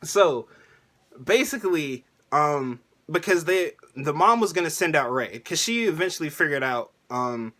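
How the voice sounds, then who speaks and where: A man vlogging a casual, excitable anime review rant, laughing often and using slang. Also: on the high side, measured pace.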